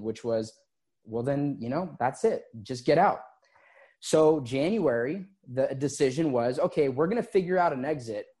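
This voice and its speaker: A man who is an interview guest and former gym owner, telling his story casually and acting out past conversations. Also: mid-range voice. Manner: relaxed, recounts conversations in quotes.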